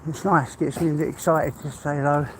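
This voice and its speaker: A high-voiced English man talks to his live viewers while walking a dog outside, slightly out of breath. His talk is chatty and rambling, broken by laughs. Clear outdoor noise runs under his voice. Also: steady tone, brisk. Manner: chatty, rambling, laughs often, greets chat by name. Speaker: live-stream host.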